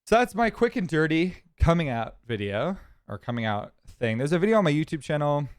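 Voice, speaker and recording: A man's voice: on the high side, very animated, fairly quick, clear, resonant tone, no room sound, studio quality. A man from California streaming, telling a story in a casual, rambling, chatty way. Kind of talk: casual chat.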